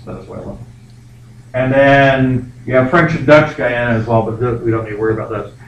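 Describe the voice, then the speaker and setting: A male history teacher, far from the mic, lectures a little fast in a gravelly, medium-pitched voice with a steady tone. His class talk rambles, jokes around, and is packed with fillers, recorded in an echoey room with faint background noise.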